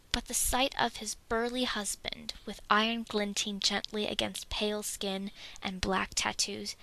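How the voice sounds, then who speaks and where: Bright-toned woman narrating a story. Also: medium pitch, creaky, rough recording. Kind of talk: reading fan fiction aloud.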